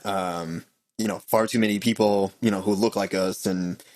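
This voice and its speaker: Male host, low voice, halting speech, casual video-call interview. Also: steady tone, darkish tone. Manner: halting, many fillers. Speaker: podcast host.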